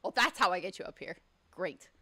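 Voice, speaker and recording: A woman's voice: on the low side, lively intonation, a little fast, pushed and bright. Chatty outspoken woman streaming live. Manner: chatty and outspoken, swears when annoyed. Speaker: livestream host. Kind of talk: casual livestream chat. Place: home studio. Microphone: studio mic picking up the room.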